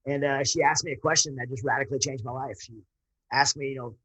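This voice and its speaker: A man's voice: mid-range voice, fairly even intonation, quick pace, a bit bright, low-quality recording. A man, a military veteran guest, telling his personal story in an earnest, rambling way with frequent restarts.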